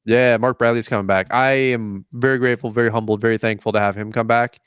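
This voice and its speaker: A medium-pitched man speaks quickly and fairly evenly, his voice a bit bright, clear and resonant, in a dry, clean studio recording. He hosts a casual podcast, telling stories with plenty of laughter and performing both sides of the dialogue.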